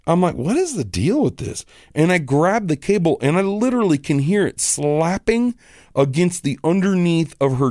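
A man's voice: on the high side, darkish tone, no echo, clean studio sound. A man hosting a podcast, ranting casually and with irritation, with some swearing. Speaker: podcast host.

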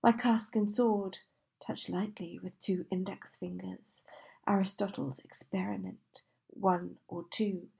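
Lady reading a novel out loud, gravelly, slow and deliberate. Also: medium pitch, fairly even intonation. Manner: slow, measured, deliberate delivery. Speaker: audiobook reader. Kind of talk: literary reading aloud.

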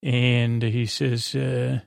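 A man hosting a sleep podcast, retelling a story in a halting, rambling way full of fillers and restarts. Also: mid-range voice, level tone, vocal fry, dry recording, studio quality. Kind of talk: drowsy rambling recap.

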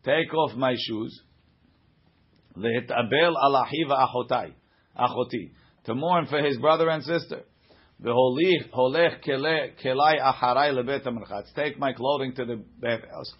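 A man leads a Talmud class, reading each line aloud and then explaining it in plain, conversational English. His voice is slightly husky. The recording is dull and lo-fi. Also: mid-range voice, moderate pace. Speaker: Talmud teacher.

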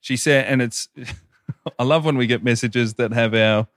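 A man's voice: mid-range voice, measured pace, a bit bright, dry recording, studio quality. An Australian man co-hosting a podcast, chatting and reading listener messages aloud in an upbeat way. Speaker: podcast co-host.

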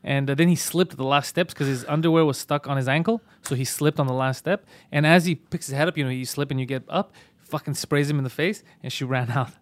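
A man hosting a podcast, telling an animated, profane story in casual chat. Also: a little high, fast talker, no room sound. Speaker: podcast host.

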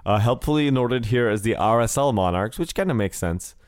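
A man's voice: medium pitch, animated, a little fast, clear, resonant tone, no echo, studio quality. Joking man hosting a soccer podcast. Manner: rambling, jokey, many fillers. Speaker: podcast co-host. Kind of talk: casual soccer podcast chat.

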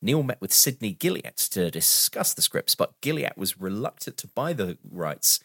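Lively low-voiced man reading notes. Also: normal speed, vocal fry, slightly rough, no echo. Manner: reads film background aloud with wry asides and frequent laughs. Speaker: podcast co-host. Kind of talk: casual film podcast chat, reading notes aloud.

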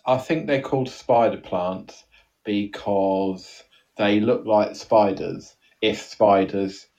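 A man improvising as a comedic interview guest, rambling in a deadpan manner. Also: lowish voice, takes it slowly, recorded from a distance, lo-fi sound. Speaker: podcast co-host.

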